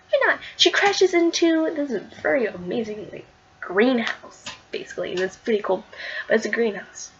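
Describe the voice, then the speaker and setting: A woman's voice: fairly high pitch, a bit bright, dull audio, a little hiss or hum. Chatty woman reviewing comics. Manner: chatty, filler-heavy, giggly. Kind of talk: casual comic review vlog.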